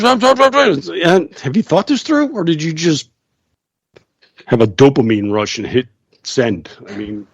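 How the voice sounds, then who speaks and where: A man's voice: on the high side, lively intonation, takes it slowly, husky, dry recording. A man hosting a casual radio talk show, sarcastic and laughing often as he mocks other people's voices. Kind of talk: casual chat.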